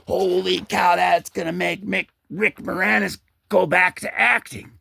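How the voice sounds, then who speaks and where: A man hosting a comic book video, rambling excitedly over the pages and slipping into goofy character voices. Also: high-pitched, a little slow, creaky, slightly rough, no room sound, studio quality. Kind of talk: excited comic page commentary.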